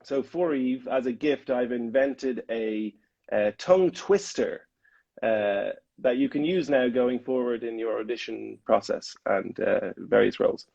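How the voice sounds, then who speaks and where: A man's voice: mid-range voice, a little slow, gravelly, darkish tone, dull audio. A man hosting a casual interview chat, rambling and playful with many restarts. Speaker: podcast host. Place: Amsterdam.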